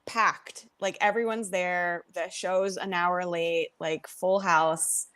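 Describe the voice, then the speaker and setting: A woman rapper, a podcast guest, telling a story with lively energy, swearing freely and acting out the voices of the people in it. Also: fairly low pitch, slow pace, clear, resonant tone. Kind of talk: animated storytelling.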